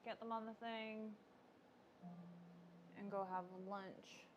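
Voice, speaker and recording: A woman's voice: on the high side, level tone, takes it slowly, highs cut off, over music. Chatty woman hosting a livestream. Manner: chatty, reads viewer comments aloud. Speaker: livestream host. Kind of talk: casual livestream chat.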